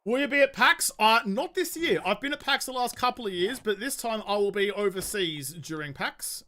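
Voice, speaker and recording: A man's voice: high voice, animated, normal speed, sharp tone. A young man chatting casually while streaming a game, swearing freely and answering viewer questions. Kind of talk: casual live-stream chat while gaming.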